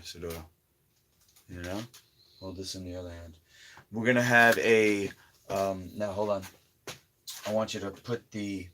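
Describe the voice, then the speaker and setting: A fairly low-pitched man hosting a casual live stream. He gives bossy, blunt step-by-step orders and does not mind crude language. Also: fairly bright tone, slight background noise. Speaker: livestream host.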